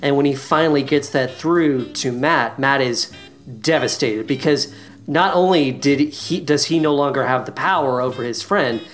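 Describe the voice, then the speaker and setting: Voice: mid-range voice, normal speed, soft background music. A podcast co-host casually recapping a show, swearing often and ranting sarcastically. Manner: profane, sarcastic, animated ranting.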